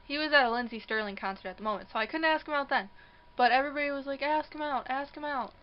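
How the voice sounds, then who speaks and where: Indoors, with a train passing nearby, a young woman talks fast in a high voice as she shares a personal story on her casual vlog. She's animated, mimics the voices of the people involved, and laughs a lot, all through dull-sounding audio.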